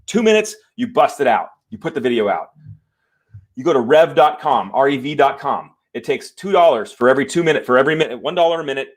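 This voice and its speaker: A man's voice: mid-range voice, expressive, fast. A man hosting a live show from home, talking to viewers in a fired-up, emphatic way and apologizing after swearing. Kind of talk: live-stream talk to viewers. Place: home room.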